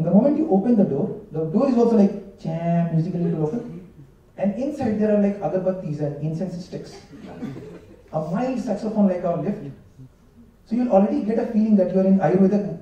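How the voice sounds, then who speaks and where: A young man with a high-pitched, dark-toned voice performs a chatty, storytelling stand-up set, acting out bits of dialogue. The highs are cut off, and the mic sits at a distance in an echoey hall where the audience laughs.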